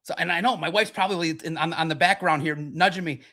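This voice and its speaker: A man in his forties with a fairly high voice, riffing in a loose livestream monologue. He is brash and boastful, swears freely and gets worked up easily. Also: quick pace, hardly any pauses. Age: 40s. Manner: brash, profane, boastful, excitable. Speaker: sports podcast host.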